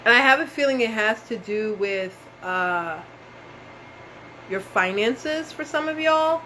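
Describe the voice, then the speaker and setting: A woman's voice: fairly high pitch, lively intonation, slow pace, pushed and bright, slight background noise, poor audio. A woman doing a casual live-stream tarot reading, talking straight to her viewers, calling them y'all and swearing now and then. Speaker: tarot reader.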